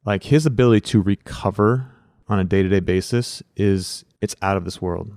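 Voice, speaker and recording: Deep, smooth-voiced man, dry sound. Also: moderate pace, a little mellow, dry recording. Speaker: former teammate. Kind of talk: reflective interview.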